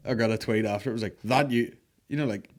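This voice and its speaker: A young man, hosting a comedy podcast and telling animated stories full of acted-out voices. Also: fairly low pitch, quick pace. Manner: animated storytelling, acts out voices of people he met. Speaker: podcast host. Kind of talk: casual comedy banter.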